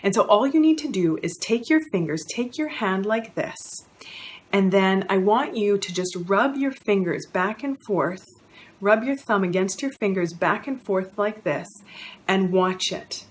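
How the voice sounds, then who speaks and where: A woman's voice: mid-range voice, animated, measured pace, slight background noise. A woman in her thirties, a counsellor, giving friendly, instructive self-help advice directly to the viewer.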